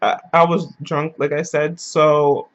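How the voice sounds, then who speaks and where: A man's voice: fairly high pitch, little pitch movement, takes it slowly, muffled recording. A man telling a story in a casual vlog, loose and slangy, rambling as he goes.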